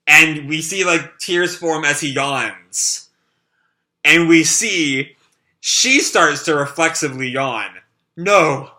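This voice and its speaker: A man's voice: on the high side, slow pace, sharp tone. A man casually reading and commenting on a comic, chatty and loose, with many fillers. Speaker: reaction video host.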